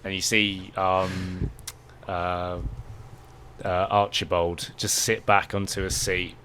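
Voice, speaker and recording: A man runs a tabletop game, narrating scenes in a casual, rambling way. His voice is fairly low. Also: little pitch movement, slow pace, pushed and bright, a little hiss or hum. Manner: casual, filler-heavy narration. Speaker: game master.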